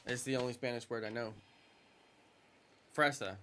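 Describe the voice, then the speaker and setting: A man's voice: medium pitch, steady tone, moderate pace, long pauses, bright, forceful tone, a little hiss or hum. A man chatting casually and joking with his viewers while he plays a video game live, rambling from one silly aside to the next. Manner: joking, rambling, chuckles at own jokes. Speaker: streamer. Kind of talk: casual live-stream chat while gaming. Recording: game music behind the voice.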